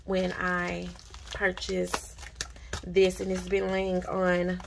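A woman vlogging casually at her desk about budgeting supplies and mail she received, gushing and repeating herself when excited. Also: fairly low pitch, extremely slow, gravelly, noisy background. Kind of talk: casual unboxing vlog. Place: home desk.

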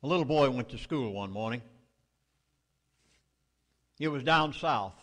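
A man's voice: mid-range voice, lively intonation, a little slow, fairly bright tone, long reverb tail. A middle-aged man with a Southern US accent gives a public speech at a meeting, delivering urgent, emphatic warnings. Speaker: speaker addressing a meeting.

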